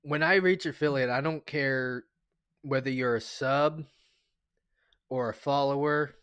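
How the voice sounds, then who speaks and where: A man's voice: mid-range voice, fairly even intonation, unhurried, fairly bright tone, clear, resonant tone, no room sound. A man live-streaming and chatting casually with his viewers, rambling, stumbling over his words and getting sentimental as he thanks them. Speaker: livestreamer.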